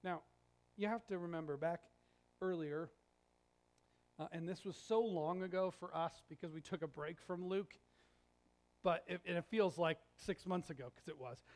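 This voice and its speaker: A male pastor giving a sermon in a conversational, animated storytelling way with jokes. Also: high-pitched. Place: church sanctuary.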